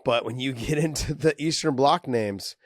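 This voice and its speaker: A man co-hosts a relaxed chat show, laughing easily and thinking out loud in a loose, profane way. He has an ordinary male pitch. The sound is dry and close, with no room echo. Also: moderate pace. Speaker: podcast co-host. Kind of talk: casual MMA podcast chat.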